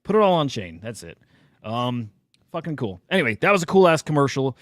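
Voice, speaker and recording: Excitable, animated male co-host. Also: mid-range voice, fairly quick. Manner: excitable, swears freely. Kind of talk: casual chat.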